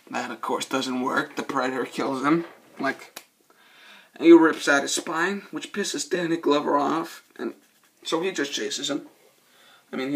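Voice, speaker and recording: A man's voice: a little high, vocal fry, slight background noise. A man doing a casual, rambling movie review, cursing a lot and losing his train of thought. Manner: profane, excitable, loses his train of thought.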